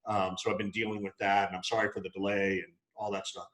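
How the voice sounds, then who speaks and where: A man's voice: on the low side, little pitch movement, fast talker, a bit bright, roomy sound, low-quality recording. A man giving a live sales training, talking bluntly and casually with plenty of fillers. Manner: blunt and conversational, with many fillers. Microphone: video call.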